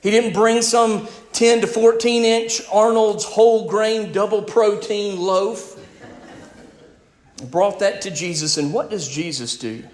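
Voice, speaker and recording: A male pastor preaching a sermon. He is emphatic, swings between loud and quiet, and speaks directly to his congregation. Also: high-pitched, a little slow, echoey room.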